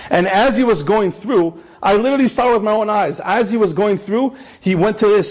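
A man's voice: high-pitched, brisk, hardly any pauses, a little mellow. A man telling an inspirational story, emphatic and repeating key phrases, with Hebrew terms mixed in. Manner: sprinkles Hebrew and Yiddish terms.

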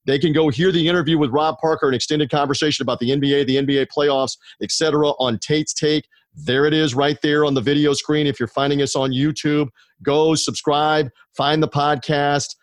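A man's voice: fairly high pitch, steady tone, fairly quick, no echo, studio quality. A man hosting a sports betting podcast over a video call, plugging shows and guests in an upbeat, promo-heavy way. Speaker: podcast host.

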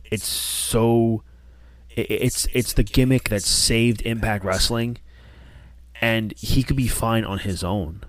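A male podcast co-host with a somewhat low voice, chatting casually. He rambles with animation, doubling back and restarting as he goes. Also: fairly even intonation, takes it slowly, fairly bright tone, dry recording, clean studio sound.

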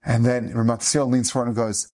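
A man's voice: medium pitch, fast talker. A middle-aged man, a rabbi, giving an earnest inspirational eulogy, telling stories with Hebrew and Yiddish terms mixed in. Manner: acts out quoted speech in lively shifting voices.

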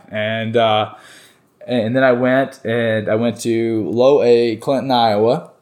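A man's voice: medium pitch, fairly even intonation, takes it slowly, darkish tone. Young man telling stories casually. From North Carolina. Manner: rambling, many fillers and restarts. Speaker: baseball player guest. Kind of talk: casual interview storytelling.

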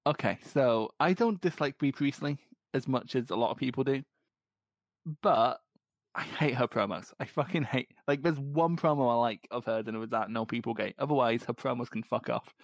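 A man with a light Scottish accent, co-hosting a podcast in casual chat, ranting with plenty of swearing and quick laughs. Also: mid-range voice, no room sound. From Scotland. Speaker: podcast co-host.

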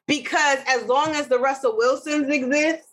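Casting: woman podcast co-host, high pitch, blunt and slangy ranting. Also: steady tone, normal speed, a bit bright, rough recording. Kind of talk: casual chat.

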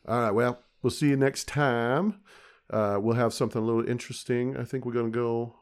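A man's voice: mid-range voice, fairly even intonation, fairly quick, smooth. A man co-hosting a podcast in casual chat, joking crudely and swearing freely. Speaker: podcast co-host.

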